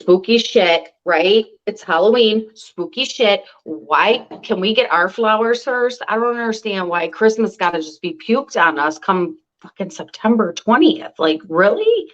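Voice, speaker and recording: A woman's voice: mid-range voice, lively intonation, a little slow, few pauses, a bit bright, dull audio. Profane, ranting woman on a call. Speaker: podcast co-host. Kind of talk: casual chat.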